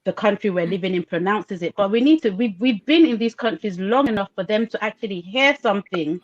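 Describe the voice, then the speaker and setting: A woman's voice: medium pitch, expressive, a little fast. Passionate woman on a call. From Nigeria. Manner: passionate, emphatic, repeats points for stress. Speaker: podcast co-host. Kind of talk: casual discussion on a video call. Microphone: video call. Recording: slightly dull lo-fi call audio.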